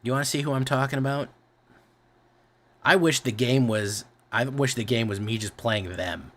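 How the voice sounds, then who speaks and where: A man's voice: mid-range voice, moderate pace. A man streaming, chatting casually, rambling and often correcting himself, with a lot of swearing.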